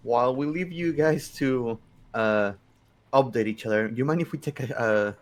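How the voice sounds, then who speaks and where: A man playing a tabletop role-playing game, loud, crude and joking with the group. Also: medium pitch, moderate pace. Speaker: player. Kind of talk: casual tabletop game chat.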